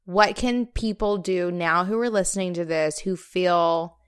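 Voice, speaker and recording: A woman's voice: fairly low pitch, unhurried, clean tone. A woman hosting a podcast, casually steering the talk toward questions. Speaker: podcast host. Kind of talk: casual chat.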